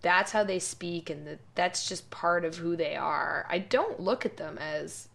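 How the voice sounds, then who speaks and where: A woman with a lowish, gravelly voice, speaking as a guest in a casual podcast chat. She explains her views in an articulate, opinionated way. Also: measured pace, a bit bright. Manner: opinionated, articulate, laughs easily. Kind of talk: casual conversation.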